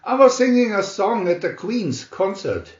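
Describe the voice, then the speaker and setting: A man's voice: high-pitched, big pitch swings, normal speed, voice pushed up. A gloomy fussy hatter, as a man reads him. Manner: gloomy, complaining. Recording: roomy muffled home recording.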